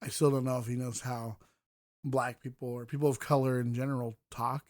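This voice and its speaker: A man's voice: mid-range voice, steady tone, moderate pace, darkish tone, dry recording, studio quality. A man hosting a podcast, reviewing books in casual, rambling talk full of fillers and restarts. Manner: mocking voices when quoting. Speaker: podcast host.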